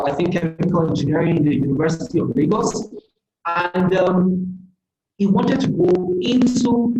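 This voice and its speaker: A seminar speaker giving an earnest, motivational online career talk, often pausing on fillers. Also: medium pitch, mellow, dull audio. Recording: roomy echoey sound.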